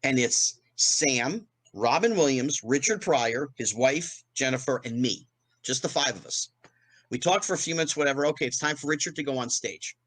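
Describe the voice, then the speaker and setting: Animated middle-aged man telling stories. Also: mid-range voice, moderate pace, poor audio. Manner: animated, acts out quoted voices. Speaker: podcast guest. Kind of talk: anecdotal storytelling.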